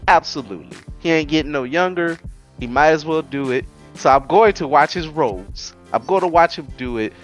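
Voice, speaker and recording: A man with a New Orleans accent chatting as a guest on a casual podcast, animated and quick with asides. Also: on the high side, soft background music. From Louisiana. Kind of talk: casual chat.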